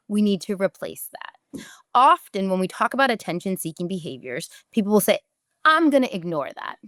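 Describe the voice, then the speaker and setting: A woman's voice: lowish voice, a bit bright, dry recording, clean studio sound. A woman, a podcast host giving direct, emphatic parenting advice and briefly acting out what parents and children say.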